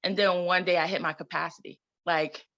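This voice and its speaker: A woman's voice: on the low side, steady tone, a little fast, fairly bright tone, muffled recording. A woman guest in a conversational interview, talking emphatically, repeating herself and laughing often. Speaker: guest, trauma recovery coach and community founder.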